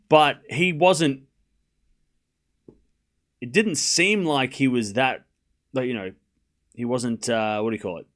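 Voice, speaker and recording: A man's voice: mid-range voice, slow pace, long pauses, fairly bright tone. A man with an Australian accent hosting a live stream, giving casual commentary and chatting with viewers in a rambling, self-deprecating way, swearing now and then.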